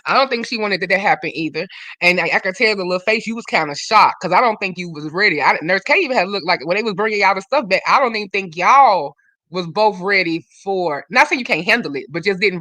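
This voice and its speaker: Bright, animated woman host chatting. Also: fairly low pitch, fast talker, dry recording. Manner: animated, swears freely, slips into quoted dialogue. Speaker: livestream host. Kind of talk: casual livestream chat.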